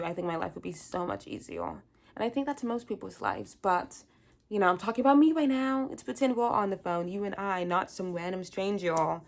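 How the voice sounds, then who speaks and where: A young woman chats alone on her podcast, rambling and candid as if on a phone call with a friend. Her voice sits a little low and has a lot of fry and gravel. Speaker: podcast host. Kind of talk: casual solo chat.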